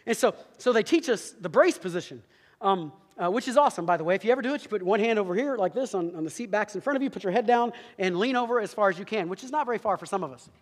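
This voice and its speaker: A man with a high voice tells a funny story from the pulpit at a rapid clip. His animated delivery is full of asides to the listeners, and his voice rings with the long reverb of a big hall. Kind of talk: humorous sermon story.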